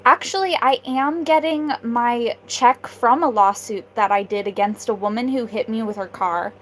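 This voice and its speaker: A woman's voice: a little high, moderate pace, fairly bright tone, a little hiss or hum, low-quality recording. A young woman streaming live, chatting with viewers in an offhand way and laughing often. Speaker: livestreamer. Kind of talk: casual livestream chat.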